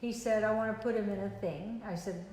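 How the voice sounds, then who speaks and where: A woman's voice: mid-range voice, brisk, darkish tone, heavy reverb, long reverb tail, a little hiss or hum, poor audio. An older woman hosting a sales show, chatting in a playful, teasing way and telling stories. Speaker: show host. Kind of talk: casual chat on a sales show.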